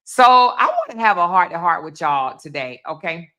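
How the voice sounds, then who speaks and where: A woman's voice: lowish voice, big pitch swings, normal speed, bright, forceful tone. A woman hosting a casual livestream, greeting viewers by name in a chatty, affectionate way. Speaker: livestream host.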